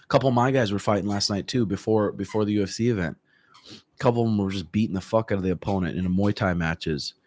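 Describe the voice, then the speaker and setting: Low-voiced man chatting casually, dry sound. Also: no echo. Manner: relaxed, profane, frequent throat clearing. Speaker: MMA coach. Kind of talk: casual livestream chat answering viewer comments. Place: room at home.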